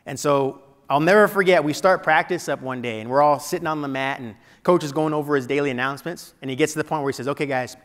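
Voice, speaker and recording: A man giving a keynote speech, telling a personal story dramatically and dropping to a hush at painful moments. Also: fairly high pitch, quick pace, few pauses. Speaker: keynote speaker. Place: large event hall before an audience. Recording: long hall reverb.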